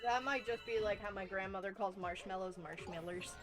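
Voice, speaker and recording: A woman's voice: medium pitch, fairly quick, over music. A young woman from New England chatting casually over gameplay, blunt and teasing and swearing freely. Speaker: let's play co-host.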